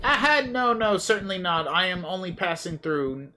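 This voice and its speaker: A man's voice: sits high, expressive, normal speed, noisy background, voice pushed up. A man voicing a fussy, formal male game character in a put-on Southern accent while reading game dialogue aloud, over game music. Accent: put-on American Southern.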